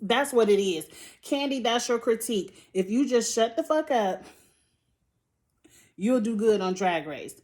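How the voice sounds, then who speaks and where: A woman's voice: on the high side, lively intonation, unhurried, long pauses, darkish tone. Blunt, foul-mouthed woman ranting. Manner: blunt, profane, exasperated ranting; sighs and laughs between points. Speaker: TV show reviewer. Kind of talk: reality show recap commentary.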